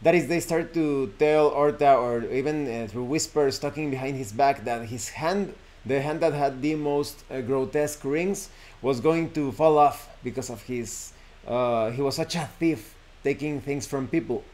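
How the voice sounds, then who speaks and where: In a medium-pitched, darkish voice at normal speed, a male show host casually recounts a horror folk tale. He rambles, fixes his own words, and leans on lots of fillers.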